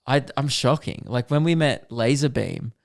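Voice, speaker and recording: A man's voice: mid-range voice, vocal fry. A man in his twenties co-hosting a podcast, telling rambling stories in casual chat and acting out what people said. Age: 20s. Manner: rambling storyteller, quick to act out quotes. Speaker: podcast co-host.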